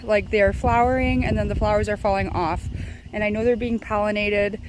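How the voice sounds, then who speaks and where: A woman's voice: medium pitch, steady tone, normal speed, background noise. A young woman chatting casually as she cooks and hosts her own vlog, rambling a little with plenty of ums. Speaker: home cook and channel host. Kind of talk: casual cooking vlog chat.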